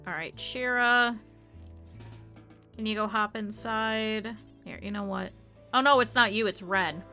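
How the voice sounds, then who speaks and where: A woman's voice: medium pitch, measured pace, sharp tone, soft background music. A woman streamer giving live gameplay commentary, chatty, laughing often and talking to her game characters and chat.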